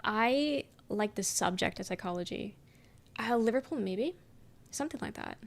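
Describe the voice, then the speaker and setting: A woman's voice: medium pitch, expressive, moderate pace, gravelly. Young woman streamer just yapping w chat, lots of ums and likes, swears casually. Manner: rambling, filler-heavy, swears casually, frequent "um". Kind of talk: casual chat reading viewer messages.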